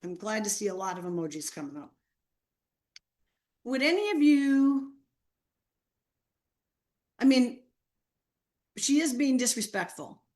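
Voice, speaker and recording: A woman presenting an online training seminar, her pitch sitting in the middle range. She tells a classroom story with animated acted-out quotes. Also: measured pace, pauses often.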